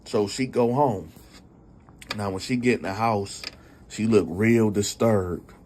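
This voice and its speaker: A man's voice: on the low side, slow, a little mellow, a little hiss or hum. A man telling a story in a loose, conversational way, often repeating "you know.". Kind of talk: casual spoken storytelling.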